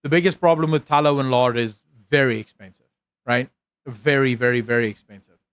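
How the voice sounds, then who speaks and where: A man's voice: mid-range voice, steady tone, fairly quick, a bit bright, smooth, dry recording, clean studio sound. A man from South Africa with an American-leaning South African accent, chatting casually on a live stream, rambling and self-deprecating, with lots of fillers and restarts. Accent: South African with an American-leaning lilt. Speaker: streamer reading chat.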